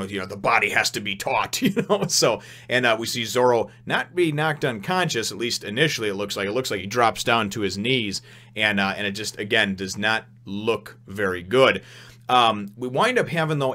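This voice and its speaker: A man giving a casual spoken review of a comic chapter, rambling and excitable, often chuckling and restarting his sentences. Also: fairly low pitch.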